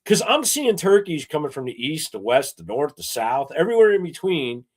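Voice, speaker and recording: Lively rambling man telling hunting stories. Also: fairly high pitch, moderate pace. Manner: animated storyteller, rambling with lots of fillers. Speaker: co-host. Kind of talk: casual chat.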